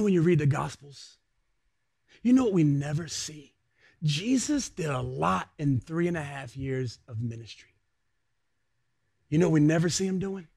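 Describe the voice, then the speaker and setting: A young adult male pastor preaching a sermon, swinging between hushed words and shouted peaks. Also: on the high side, gravelly, breathy edge.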